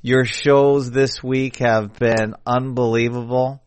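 A man co-hosting a podcast in casual chat, effusive and heaping praise with quick jokes. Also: medium pitch, level tone, clean tone. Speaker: podcast co-host.

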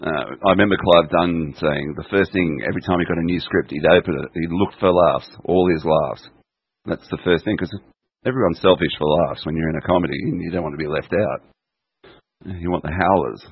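A man chatting casually and reminiscing, quick to laugh, on a dull, dry, lo-fi recording. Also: low voice, breathy edge, no room sound. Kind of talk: casual chat.

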